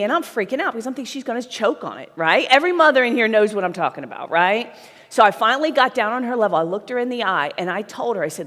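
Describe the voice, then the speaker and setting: A woman's voice: fairly high pitch, fairly bright tone. Blunt woman speaker in a reverberant hall. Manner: blunt, emphatic, talks to the audience with frequent "right?". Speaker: sales trainer speaking at a conference. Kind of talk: live seminar talk. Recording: long reverb of a large hall.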